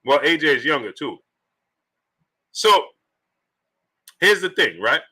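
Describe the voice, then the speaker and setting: Bright-voiced man hosting a live stream. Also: a little high, very animated, slow pace, husky. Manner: rhetorical, repeats questions to the chat. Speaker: boxing talk show host. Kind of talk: live-stream commentary reading super chats.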